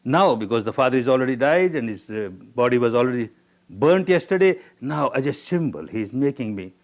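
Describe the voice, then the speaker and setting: Indian English man, meditation teacher, spoken discourse, emphatic, repeats key phrases, mid pitch. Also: animated, brisk. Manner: repetitive, emphatic, storytelling.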